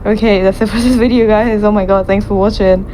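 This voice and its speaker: A woman's voice: medium pitch, fairly even intonation, a little fast, dark tone, slight background noise, poor audio. A woman streaming a horror game, scared and repeating herself as she reacts. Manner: jumpy, repeats herself when frightened. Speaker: gameplay streamer. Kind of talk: let's play commentary.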